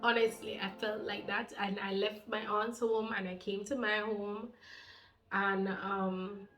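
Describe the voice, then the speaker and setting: Jamaican woman in her thirties, medium pitch, animated testimony storyteller who drops into patois. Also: measured pace, soft background music. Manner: animated, heartfelt, mixes in patois. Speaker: faith channel co-host.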